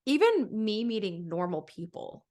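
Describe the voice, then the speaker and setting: Expressive young woman co-hosting a podcast. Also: mid-range voice, moderate pace. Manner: expressive, piles up vivid phrases for emphasis. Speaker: podcast co-host. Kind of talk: casual chat.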